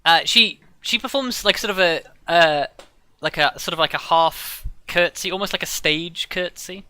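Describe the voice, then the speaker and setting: A man's voice: sits high, normal speed, sharp tone, smooth, no room sound. A man running a tabletop game as game master, narrating in a hesitant, filler-heavy, amused way.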